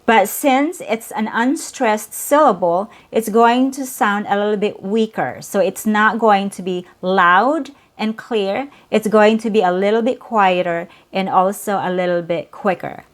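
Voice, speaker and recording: A woman's voice: medium pitch, measured pace, few pauses. A woman teaching English pronunciation, patiently repeating and drilling each sound. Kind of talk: slow, careful pronunciation lesson.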